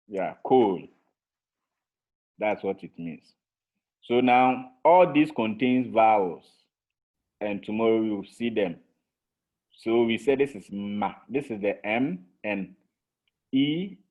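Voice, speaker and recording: A male teacher leads an online class, drilling words at a slow, deliberate pace and repeating each one patiently. His voice sits a little low. It comes through a thin, phone-like call line. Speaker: Hebrew teacher. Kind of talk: online language lesson. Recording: tinny phone-like call audio.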